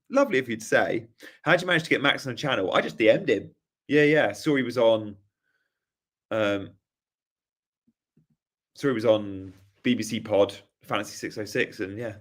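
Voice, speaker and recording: A young man hosting a live stream Q&A, reading chat questions aloud in a jokey, casual way, his voice hoarse after a night out. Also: fairly low pitch, lively intonation, a little fast, fairly bright tone. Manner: reads chat questions aloud, jokey, tries silly regional accents. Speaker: host.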